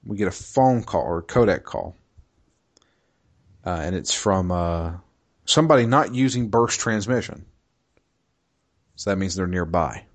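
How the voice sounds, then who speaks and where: This podcast co-host has a deep, expressive voice and a measured pace broken by long pauses. He casually retells a video game's story, rambling, swearing freely and laughing often.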